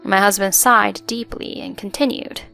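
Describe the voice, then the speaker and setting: Woman telling her story, kinda gravelly, earnest, soft music under it. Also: medium pitch, fairly even intonation, normal speed. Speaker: narrator. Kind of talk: first-person story narration. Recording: faint background music.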